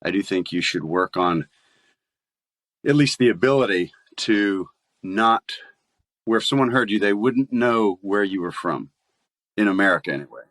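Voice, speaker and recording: A man's voice: fairly low pitch, moderate pace, pauses often, no echo. A man who works as a voice actor, talking casually as a guest and telling stories with frequent laughs. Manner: chatty storyteller, laughs often, animated voice play. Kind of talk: casual podcast interview.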